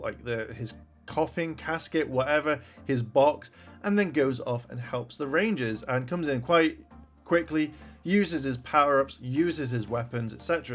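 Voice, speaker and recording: A man casually reviewing a TV episode, rambling through the plot and swearing when he gets annoyed. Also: mid-range voice.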